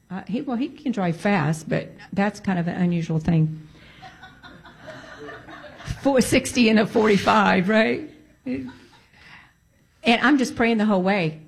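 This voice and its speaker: A woman telling a personal testimony in a casual, conversational way. She is animated and emphatic, and she repeats key points to stress them. Her storytelling breaks into prayerful exclamations. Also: mid-range voice, creaky, husky.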